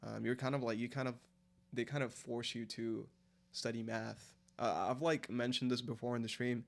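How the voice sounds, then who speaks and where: A man's voice: medium pitch, flat delivery, normal speed, creaky. A man, chatting casually and rambling through a late-night live stream, answering chat as he goes. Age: 20s. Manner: rambling, filler-heavy, answers chat aloud.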